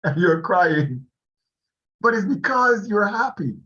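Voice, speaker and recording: A man giving a slow, animated motivational talk to an online class on a video call, laughing often as he speaks. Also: high voice, highs cut off.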